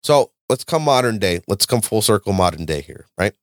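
A man hosting a podcast, ranting and lecturing in a loud, profane, animated way. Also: lowish voice, fairly quick, no room sound, clean studio sound. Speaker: podcast host. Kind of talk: casual podcast chat.

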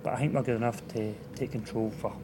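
A man's voice: medium pitch, fairly even intonation, fast. A Scottish man, a football manager, talking frankly in a casual interview. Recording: background noise.

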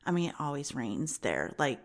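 A woman's voice: a bass voice, big pitch swings, moderate pace, creaky. A woman co-hosting a casual podcast chat who giggles often and teases playfully. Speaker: podcast co-host.

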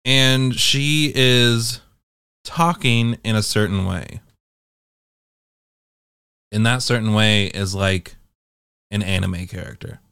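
A young adult man telling a casual, profane storytime monologue to viewers in an animated way. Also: on the low side, slow pace, vocal fry, long pauses, clean tone, no echo, studio quality. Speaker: vlogger.

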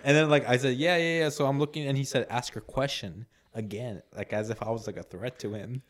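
A man's voice: mid-range voice, fairly even intonation, fairly quick. A man co-hosting a podcast, telling a story in a rambling way with lots of "like"s and acted-out quotes. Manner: rambling, many "like"s, laughs a lot, acts out quotes. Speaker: podcast co-host. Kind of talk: casual storytelling chat.

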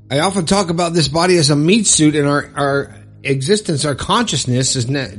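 Husky-voiced man hosting a podcast. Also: a little high. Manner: earnest, upbeat, rambling motivational talk with swearing. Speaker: podcast host. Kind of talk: casual solo podcast monologue.

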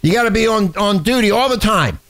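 A man with a sore throat reads news items aloud in casual banter, stumbling and repeating words as he goes. His voice sits a little high, with a pitch that swings widely and keeps the reading lively. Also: fairly quick. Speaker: radio talk show co-host.

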